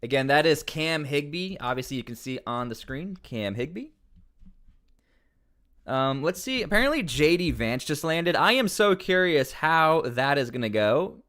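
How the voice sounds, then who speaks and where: A man's voice: a little high, sing-song, moderate pace, a bit bright. A man commenting on news during a casual livestream, rambling with many fillers and restarts.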